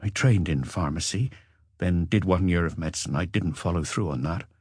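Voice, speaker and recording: A man's voice: sits low, normal speed, darkish tone, breathy edge, no room sound, studio quality. A man voicing an exhausted forty-year-old man who answers questions hesitantly and earnestly. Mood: weary.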